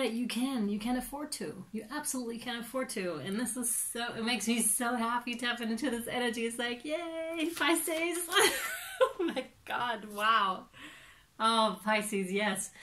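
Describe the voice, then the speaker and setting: A woman giving a casual tarot reading, chatty and animated, with many fillers and playful acted-out reactions. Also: on the high side. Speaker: tarot reader.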